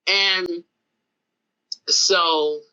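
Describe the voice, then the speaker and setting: Animated female podcast guest with a bright voice and a lively, storytelling delivery, on a dull lo-fi recording. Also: on the low side, drawn-out words. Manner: animated, vivid retelling with acted-out dialogue. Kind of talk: casual storytelling in an interview.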